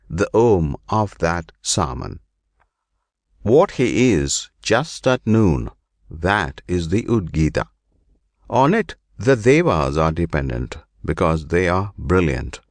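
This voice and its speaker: A man reading an ancient scripture aloud in slow, measured, deliberate phrases. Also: low voice, no room sound. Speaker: reader.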